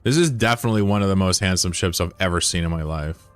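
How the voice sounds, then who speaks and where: Low-voiced guy streaming a game, chill and swearing, reading chat out loud. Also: quick pace, no room sound, faint music behind. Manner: laid-back, profane, answers chat aloud. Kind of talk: casual livestream chat.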